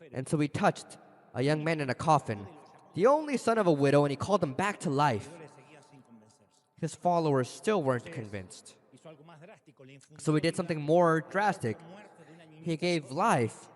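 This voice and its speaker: A male pastor preaching a sermon, telling stories dramatically with sudden leaps in pitch. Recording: long reverb of a large hall.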